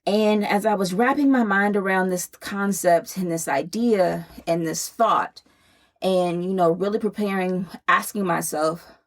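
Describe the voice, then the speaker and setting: A woman's voice: lowish voice, a little slow, creaky. A woman in her thirties, a podcast host, telling her own story in a candid, conversational way while out of breath. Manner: candid, conversational, laughing now and then. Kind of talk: personal storytelling.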